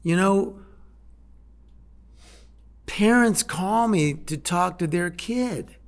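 Older man giving heartfelt slow testimony. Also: high voice. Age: 60s. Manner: heartfelt, halting, with repeated words. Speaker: speaker sharing his recovery story. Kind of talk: personal testimony talk.

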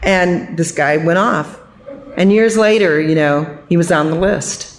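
An older woman sharing her recovery testimony at a support meeting, telling her story in an animated, humorous way and acting out the people she quotes. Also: fairly low pitch, a little slow.

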